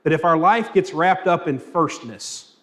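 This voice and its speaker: A man's voice: fairly high pitch, lively intonation, measured pace, a bit bright, slight background noise. A man leading a church Bible class, asking the group questions and telling anecdotes with light humor. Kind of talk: interactive Bible class teaching.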